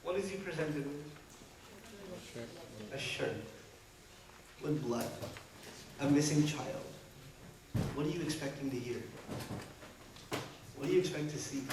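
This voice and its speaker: A man delivering a sermon to a gathering, animated, with rhetorical questions and humorous asides. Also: a little high, a little slow, pauses often, background noise. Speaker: preacher. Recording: echoey hall from far off.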